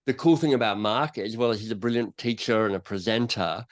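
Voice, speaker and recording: A man with a lowish, slightly fast voice appears as a guest author and coach in a podcast interview. An animated storyteller, he acts out little quotes as he goes.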